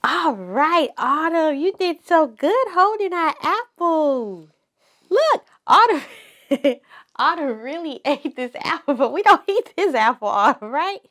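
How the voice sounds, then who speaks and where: Slow, lively preschool teacher woman. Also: high voice. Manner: slow, sing-song, encouraging, repeats words for children. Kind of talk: circle-time teaching to toddlers.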